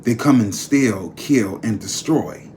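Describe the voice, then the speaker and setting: A man's voice: on the low side, lively intonation, slow pace, a little mellow, a little hiss or hum. Chatty man talking to camera. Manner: chatty, emphatic, addresses viewers as a group. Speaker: tarot reader and vlog host. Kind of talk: casual chat to camera.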